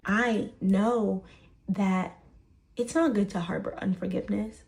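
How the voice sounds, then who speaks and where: A woman's voice: medium pitch, steady tone, measured pace, creaky, darkish tone. A woman telling a personal story to the camera, stressing points by repeating words. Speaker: storyteller in a shared clip.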